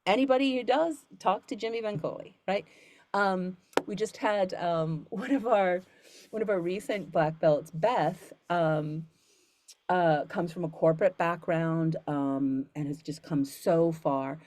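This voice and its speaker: Earnest woman voiceover coach, low voice. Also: slow pace, a little mellow, no echo. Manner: earnest, rambling, many fillers and restarts. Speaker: voiceover coach and studio founder. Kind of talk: casual Q&A talk to students.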